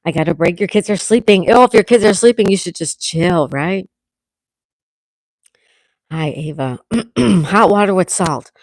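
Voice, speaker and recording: A woman's voice: on the low side, measured pace, long pauses, dry recording. Chatty woman greeting her viewers. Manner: chatty, greets viewers by name, scolds her dog gently. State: clearing throat, sore throat coming on. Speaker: livestream host. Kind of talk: casual chat with live viewers.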